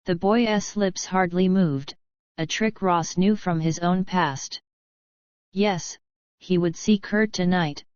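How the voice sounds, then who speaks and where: A woman narrating an adventure novel in an audiobook with a steady, measured reading. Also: fairly low pitch, clean tone, no room sound, lo-fi sound. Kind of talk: scripted narration.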